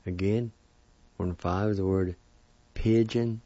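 A man teaching a language lesson, saying each word slowly and carefully and repeating it several times. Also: fairly low pitch, steady tone, mellow, no room sound. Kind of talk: slow pronunciation lesson. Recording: dull lo-fi recording.

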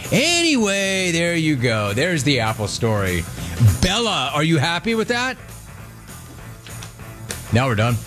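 Man telling a story, acting out both sides. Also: medium pitch. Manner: animated, acts out both sides of conversations. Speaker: host. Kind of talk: casual storytelling monologue.

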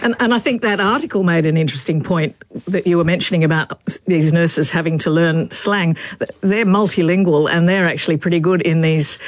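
High-voiced man explaining word origins. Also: a little fast, dry recording. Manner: explanatory, scholarly. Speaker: language expert on radio. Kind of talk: explanatory radio chat.

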